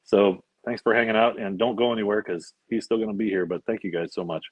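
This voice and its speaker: A man co-hosting a livestream, speaking casually and haltingly, with many fillers. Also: lowish voice, steady tone, husky, dry recording, muffled recording. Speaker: co-host.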